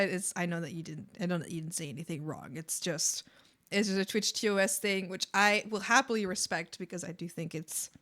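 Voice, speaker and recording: Bright, giggly young woman streamer. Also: mid-range voice, clean tone. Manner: giggly and apologetic, rambling with many fillers. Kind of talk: casual chat with stream chat.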